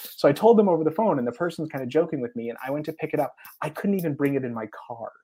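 An American man telling travel stories in a casual interview, animated, with frequent laughs. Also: fairly high pitch, racing, breathy edge. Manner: animated anecdotes with frequent laughs and acted quotes. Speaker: guest, TV traveler.

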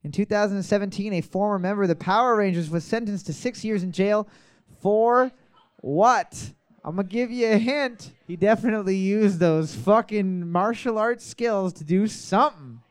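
Male trivia quizmaster, high voice, casual and profane, repeats questions. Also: normal speed, clean tone. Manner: crude, joking, repeats each question. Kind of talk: casual bar trivia hosting.

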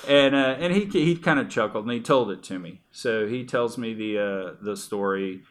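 A man's voice: fairly low pitch, normal speed. A middle-aged man in casual conversation, telling personal stories in a rambling way with frequent restarts. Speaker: guest.

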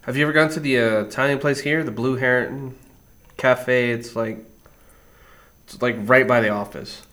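Male podcast co-host, mid voice, relaxed profane banter. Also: medium pitch, normal speed. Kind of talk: casual chat.

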